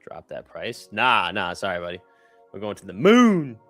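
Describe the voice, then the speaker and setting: Deep-voiced male trader cheering the market. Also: wildly swooping pitch, moderate pace, fairly bright tone, faint music behind. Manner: chatty, cheers the price on, jokes with co-hosts. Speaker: trader on a live trading stream. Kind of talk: live trading banter.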